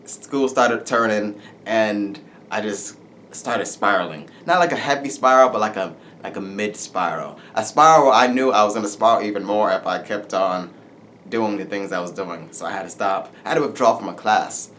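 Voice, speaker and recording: A young man doing a casual stand-up set, rambling and deadpan with lots of swearing. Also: on the low side, moderate pace, slight background noise. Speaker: stand-up comedian. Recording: distant mic with faint ambience.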